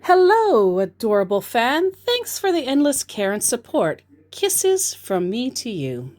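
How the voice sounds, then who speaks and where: A woman's voice: on the high side, wildly swooping pitch, unhurried, a little mellow, voice pushed up. A woman reading out the lines of a pushy young male online romance scammer who is blunt and demanding. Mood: sweet-talking.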